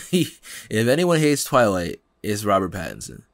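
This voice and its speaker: Animated young man, dry close mic. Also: lowish voice, moderate pace, dry recording. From Pennsylvania, United States. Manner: animated, laughing, slangy, acts out quotes. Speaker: podcast host. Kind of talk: casual chat.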